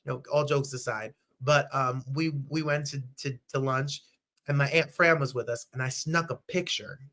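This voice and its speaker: At a moderate pace, a New Jersey man in his thirties runs a lively live-stream chat show. He's effusive and bubbly, occasionally letting out falsetto squeals or breaking into a few lines of song.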